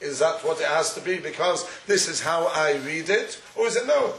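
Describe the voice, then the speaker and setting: A man's voice: on the high side, expressive, moderate pace, fairly bright tone. Echoey man giving a Talmudic lecture. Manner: questioning, argumentative study-hall cadence. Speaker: Torah teacher. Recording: echoey room, far from the mic.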